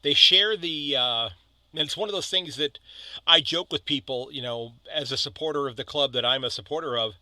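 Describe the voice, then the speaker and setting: A man's voice: a little high, moderate pace, bright, forceful tone, dry recording. An American man in his fifties hosting a casual podcast chat, talking loosely with frequent restarts. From United States. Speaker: podcast host.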